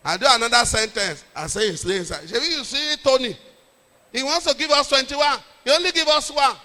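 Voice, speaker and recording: A middle-aged Nigerian man, a pastor, telling a lively story in a sermon with jokes and pidgin. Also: extremely high pitch, a little fast, big-room sound.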